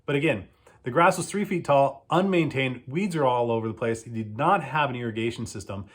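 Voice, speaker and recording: A man who runs a lawn care business, giving casual advice and telling animated stories in which he acts out both sides of the exchanges. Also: mid-range voice, brisk.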